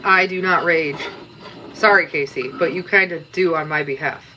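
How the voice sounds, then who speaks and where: With a deep voice and a moderate pace, a Canadian woman cooks on a kitchen live stream, chatting casually with viewers and scolding them in fun. Background noise can be heard.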